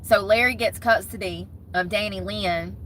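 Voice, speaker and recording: A chatty young woman talking straight to her camera, gossiping and rambling in a bright, forceful voice. She sounds like she is sitting in her car, with a faint hiss of noise under her. She talks in a loose, easygoing way and keeps turning to her viewers. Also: medium pitch, fairly even intonation, moderate pace, rough recording. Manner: chatty, gossipy, talks with her hands in words like "y'all" and "homegirl". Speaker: vlogger. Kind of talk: casual chat to camera.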